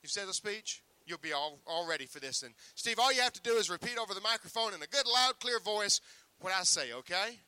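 A man's voice: high voice, expressive, a little fast, hardly any pauses, pushed and bright, clear, resonant tone, dry recording. A man working as a sideshow magician, teasing a young volunteer with joking stage patter. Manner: joking, teasing showman banter.

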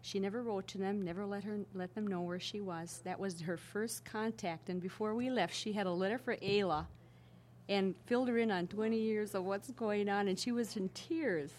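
An older woman spins anecdote after anecdote in an oral-history interview. Her voice sits at an ordinary middle pitch, lively and conversational, and she doubles back and restarts as the stories tumble out. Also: normal speed, slight background noise. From Minnesota Iron Range. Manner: chatty, animated anecdote-telling with frequent restarts. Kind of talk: casual oral-history storytelling.

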